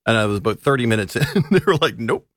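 A man chats on a radio show with a lively, swooping pitch. His voice sits close and dry on the studio mic. He often stumbles and restarts his sentences. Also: racing, no room sound. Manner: animated, hesitant restarts, laughs easily. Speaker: radio co-host and film reviewer. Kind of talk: casual radio chat.

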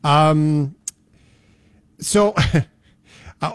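A man's voice: on the high side, expressive, drawn-out words, long pauses, no echo. A man hosting a radio show, bantering casually in a playful, storytelling way.

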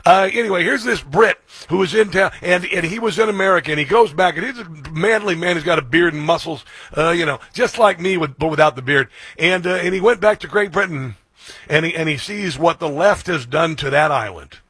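A man's voice: fairly high pitch, fairly quick, fairly bright tone, slightly rough, dry recording. A man hosting a talk show, giving opinionated commentary and mocking, repeating the words of the clips he plays.

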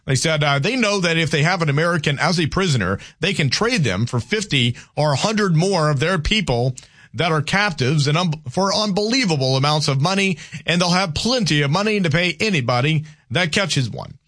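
Male talk radio host, opinionated, conversational, high voice. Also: expressive, moderate pace, fairly bright tone. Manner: opinionated, conversational, reads texts aloud.

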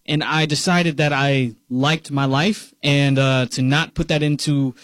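Twenty-something guy on a podcast, dry jokes, slightly high voice, dry mic. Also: steady tone, measured pace, fairly bright tone, dry recording. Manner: storytelling, dry humor. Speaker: podcast co-host. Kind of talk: casual chat.

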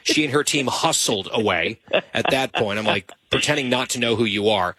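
Teasing male host with a bright voice. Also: medium pitch, lively intonation, normal speed, breathy edge, dry recording. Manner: dry, teasing humor. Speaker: talk show host. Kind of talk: casual banter.

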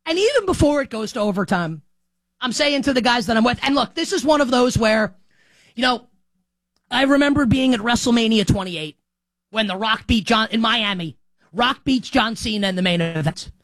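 High-voiced new guy ranting about sports on his show, super fired up, dry close sound. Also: moderate pace, no room sound, poor audio. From New York. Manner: excitable, ranting, emphatic. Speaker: sports talk show host. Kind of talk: animated sports talk monologue.

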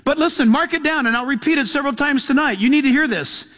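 A man's voice: very high-pitched, fast talker, bright, forceful tone. A man preaching a sermon as pastor, reading scripture aloud and driving his points home with emphasis. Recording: long hall reverb.

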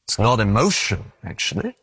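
A man's voice: lowish voice, normal speed, vocal fry, breathy edge, dry recording, studio quality. A man preaching a conversational sermon who acts out the stories he tells. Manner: conversational and animated, acting out stories.

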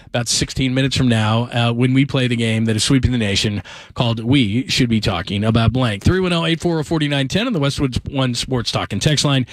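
A man's voice: mid-range voice, no room sound, studio quality. A man hosting a late-night sports call-in radio show, chatting loosely with many "uh" fillers and easy laughs.

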